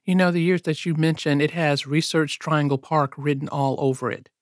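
A man's voice: a little high, steady tone, moderate pace, no room sound, clean studio sound. A man co-hosting a radio show, asking conversational questions with frequent "you know".

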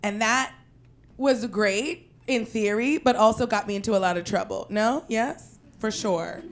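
A young woman from Queens telling a personal story in an animated, profane way, breaking into loud shouted quotes. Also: fairly high pitch, normal speed, a little hiss or hum. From Queens, New York.

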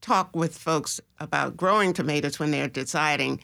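A woman guest explaining gardening in a radio studio interview, speaking slowly and haltingly with many filler pauses. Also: sits low, gravelly, pushed and bright, no echo.

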